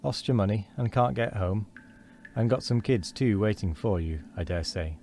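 A man's voice: on the low side, animated, moderate pace, dark tone, a little hiss or hum. A man voicing a kindly, burly engine driver in a storybook reading, talking in a homely, reflective way.

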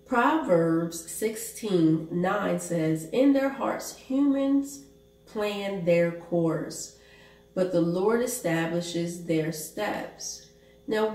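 A woman pastor preaching a sermon, reading Bible verses aloud in a deliberate way. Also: lowish voice, mellow. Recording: echoey room, voice from a distance.

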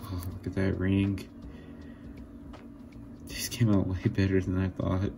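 A man making jewelry, talking casually to his viewers in a vlog, excited and marvelling, laughing often as he shows pieces. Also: deep voice, a little slow, creaky, noisy background. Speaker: jewelry maker.

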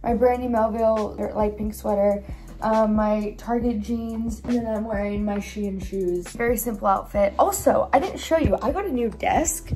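A bubbly young woman talks through her day for a vlog, her voice sitting a little on the high side. She's chatty and loose, filling gaps with "like" and "um". Faint music runs softly underneath. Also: moderate pace. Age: young adult. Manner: chatty, filler-heavy, bubbly. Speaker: vlogger. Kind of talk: casual vlog chat.

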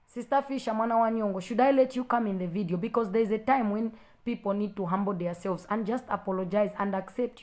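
A woman's voice: mid-range voice, brisk, darkish tone. A woman pastor with an African accent, preaching and confronting a critic with a string of rhetorical questions. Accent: African English. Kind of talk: preaching to a live stream.

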